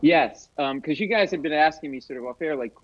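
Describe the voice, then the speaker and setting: A man telling a comic story as a guest comedian, animated and self-mocking. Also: fairly high pitch, brisk, dull audio.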